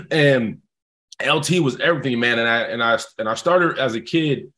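Animated New man telling stories. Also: mid-range voice, moderate pace. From South Bronx, New York. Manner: animated, laughing, says "man" often. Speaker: guest, former football player. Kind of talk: casual storytelling interview.

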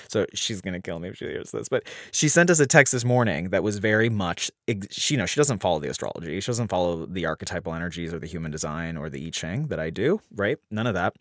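Deep-voiced man, rambling chatty podcast host. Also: fairly bright tone, no room sound, clean studio sound. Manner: rambling, many restarts. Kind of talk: casual astrology talk.

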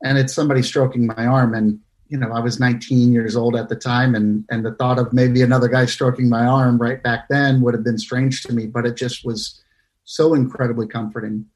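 A young man telling his own near-death story in a halting, earnest way, with many fillers and restarts. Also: mid-range voice, little pitch movement. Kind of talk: personal story told in casual talk.

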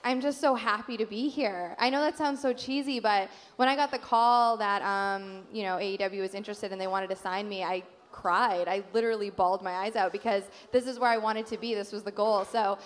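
A woman's voice: fairly high pitch, fairly bright tone. Earnest woman guest, hall reverb. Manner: earnest, gushing, hesitant fillers. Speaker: wrestler guest. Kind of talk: casual panel chat. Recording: live hall with long reverb.

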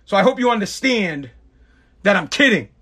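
A man's voice: sits high, sing-song, moderate pace, a bit bright, husky. A man giving a sarcastic political rant to camera, mocking people by putting on exaggerated voices.

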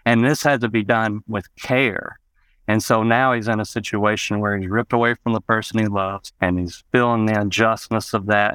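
Low, smooth-voiced man. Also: fairly bright tone, dry recording. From Arkansas, USA. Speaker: interview guest. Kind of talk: personal storytelling in a podcast interview.

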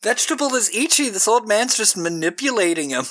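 A young man chats through a film's plot on a podcast, slipping into the characters' lines as he goes. His voice sits a little high and very bright, recorded close and dry. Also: a little fast, dry recording. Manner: animated retelling, acting out characters' lines. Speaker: podcast co-host. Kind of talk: casual movie recap chat.

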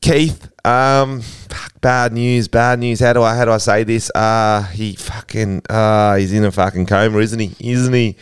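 A man's voice: fairly low pitch, fairly even intonation, measured pace, hardly any pauses, smooth, dry recording, studio quality, close to an everyday voice. Man doing a rambling crude English bloke. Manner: rambling, swearing, fumbling for words. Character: crude rambling English man, a brother giving bad news. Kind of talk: improvised comic voicemail bit.

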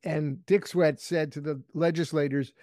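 A man's voice: fairly high pitch, steady tone, moderate pace, dark tone, no room sound, clean studio sound. A man on a political panel who tells playful anecdotes. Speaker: political commentator.

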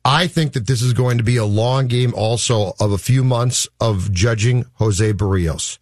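A man co-hosting a sports talk radio show with relaxed, reasoned commentary. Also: medium pitch, unhurried, no echo, studio quality.

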